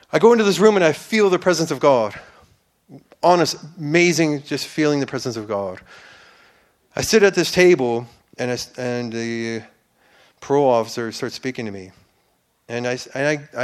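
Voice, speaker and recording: A man giving a personal faith testimony in church, earnest and rambling, with restarts and fillers, building to fervent preacher-like declarations. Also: medium pitch.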